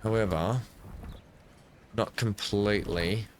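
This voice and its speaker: Let's-play host, man, somewhat low voice, rambling self-correcting commentary into a desk mic. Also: steady tone, takes it slowly, a little hiss or hum. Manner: thinks aloud while building, self-correcting. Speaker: gameplay commentator.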